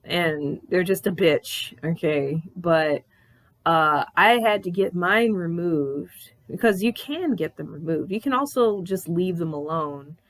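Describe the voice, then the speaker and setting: A woman in her thirties telling a personal story on her vlog in a candid, animated way, swearing freely. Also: lowish voice, slow pace. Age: 30s. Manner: candid, profane, animated retelling. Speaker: vlogger.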